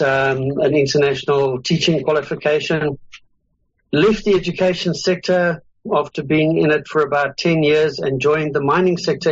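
A middle-aged South African man talks as a guest in an easygoing, rambling way. His voice sits a little high for a man, and the audio is dull and lo-fi. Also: no echo. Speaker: guest, consultant. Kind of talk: casual interview chat.

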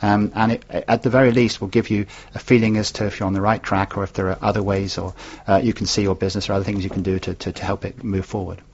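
A man's voice: lowish voice, level tone, quick pace, darkish tone, breathy edge. A man who is a business author, a guest on a radio show, plugging his book with many fillers and restarts. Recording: dull lo-fi sound.

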